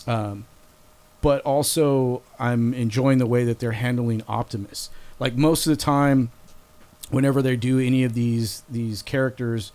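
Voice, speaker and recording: A man's voice: mid-range voice, steady tone, measured pace, darkish tone. A man co-hosting a podcast in casual chat, rambling and swearing freely. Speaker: podcast co-host.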